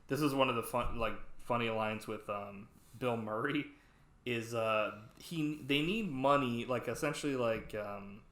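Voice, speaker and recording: A man's voice: medium pitch, unhurried, fairly bright tone. A man hosting a podcast, casually recapping a movie in a rambling way with lots of "like" and swearing. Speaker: podcast host. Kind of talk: casual film recap chat. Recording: roomy echo.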